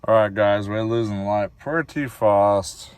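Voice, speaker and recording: Deep-voiced Australian man, chatty vlogger. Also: measured pace, smooth. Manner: chatty, rambling, many fillers, addresses viewers as guys. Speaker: van-life vlogger. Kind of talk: casual cooking vlog. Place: inside a camper van.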